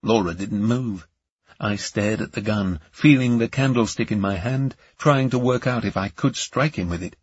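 Husky low-voiced male audiobook narrator. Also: normal speed, highs cut off.

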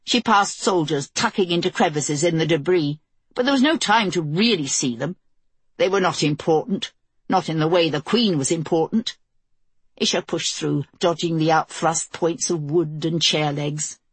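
A woman reading a novel aloud as an audiobook narrator, in measured, even storytelling. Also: sits low, slightly rough, dry recording. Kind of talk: scripted narration.

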